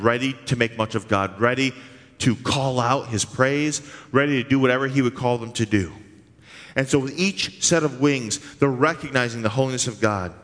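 Pastor guy preaching earnestly, mid-pitched voice, drawn-out emphasis, long reverb. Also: fairly bright tone. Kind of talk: sermon.

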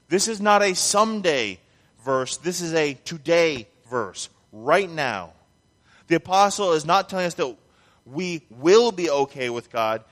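A man's voice: a little high, a bit bright, in a large hall. A man preaching a sermon as pastor, emphatic, building to stressed repeated phrases.

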